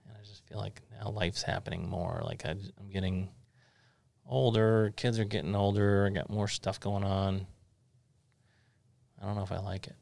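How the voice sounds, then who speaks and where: A man's voice: on the low side, level tone, normal speed, vocal fry, darkish tone. A middle-aged man hosting an interview, chatting in an easygoing, rambling way as he thinks aloud. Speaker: podcast host. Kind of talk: casual interview chat.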